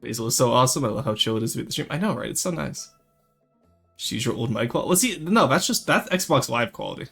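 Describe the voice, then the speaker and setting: Lively, rambling man streaming. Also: mid-range voice, gravelly, slightly rough, faint music behind. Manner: animated, rambling, quick to laugh. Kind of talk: casual live-stream chat.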